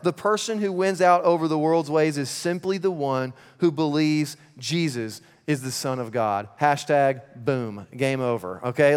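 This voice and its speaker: A male pastor in his thirties delivers a lively sermon, his fairly high voice ringing with long reverb through a large hall. He moves between loud, playful stretches and quiet, earnest passages. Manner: energetic, swings from loud and playful to hushed and earnest.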